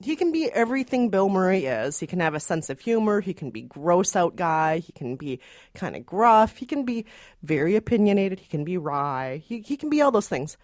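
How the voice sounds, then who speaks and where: A woman's voice: on the low side, sing-song, normal speed, a little mellow, no room sound, studio quality. A woman co-hosting a movie review podcast, talking casually and laughing easily. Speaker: podcast co-host, film critic.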